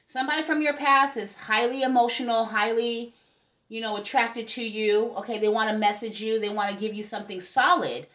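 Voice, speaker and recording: A woman gives her viewers a casual tarot reading, chatting with both them and the spirits and asking "okay?" again and again. Her voice is a little high and fairly bright, steady in tone and a little fast.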